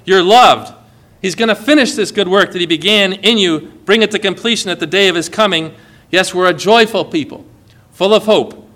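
A male pastor delivers an impassioned sermon, leaning into scripture quotations. His voice sits high and rings bright and forceful. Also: a little fast. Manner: impassioned preaching, quotes scripture.

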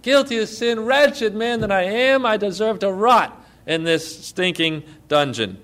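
A man's voice: sits high, lively intonation, measured pace, a bit bright, voice pushed up. A man voicing a broken, pleading prisoner. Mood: remorseful. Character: guilty old prisoner, contrite and broken.

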